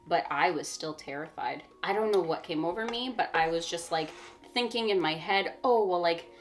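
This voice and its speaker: A woman's voice: fairly low pitch, moderate pace, a little hiss or hum. A young woman co-hosting a casual storytime vlog, talking in a chatty, emphatic way and laughing often. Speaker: vlog co-host.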